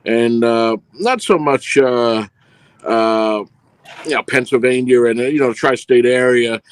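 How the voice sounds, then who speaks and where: A man with a New York accent, a film producer guest on a video call, speaking in a measured way with many pauses and uh's. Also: medium pitch, clean tone. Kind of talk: casual interview chat.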